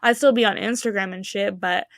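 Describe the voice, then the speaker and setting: A woman's voice: medium pitch, steady tone, brisk, vocal fry, a bit bright, no echo, clean studio sound. A young woman co-hosting a podcast in casual chat, ranting with heavy swearing. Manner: profane, ranting, heated. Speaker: podcast co-host.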